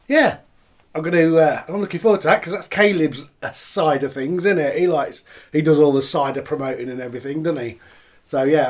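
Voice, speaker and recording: Lively chatty man reviewing beers. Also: fairly high pitch. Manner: chatty, rambling, savoring each sip. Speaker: beer reviewer. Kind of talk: casual tasting review.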